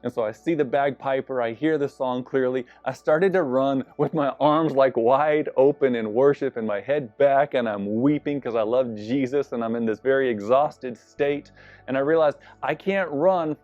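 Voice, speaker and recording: This pastor has a medium-pitched, darkish voice and a moderate pace, with no room sound around him. He tells a personal story in sermon style, earnest and confessional with some self-deprecating humor, over slightly dull audio and faint background music.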